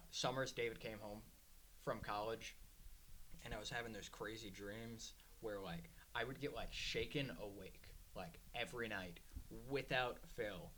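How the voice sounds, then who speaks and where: A man's voice: on the low side, normal speed, fairly bright tone. Rambling laughing male podcast co-host. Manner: rambling storyteller, laughs through his stories. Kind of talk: casual chat. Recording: noisy background.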